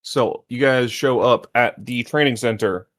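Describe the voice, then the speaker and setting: A man narrating as game master of a tabletop game, halting often with fillers and restarts. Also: mid-range voice, a bit bright.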